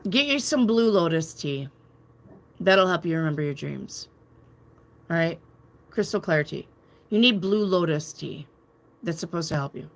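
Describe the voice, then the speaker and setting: Woman, tarot reader, casual live-stream chat, lowish voice, rambling, candid, swears. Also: expressive, measured pace, pauses often. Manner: rambling, candid, swears freely, reads viewer comments aloud. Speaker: tarot reader and channel host.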